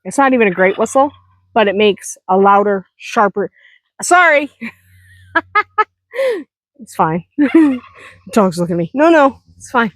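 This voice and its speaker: A woman's voice: mid-range voice, lively intonation, a little slow, pauses often, no room sound. A woman chatting casually in a farm vlog, self-deprecating and laughing often. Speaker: vlogger, hobby farm owner.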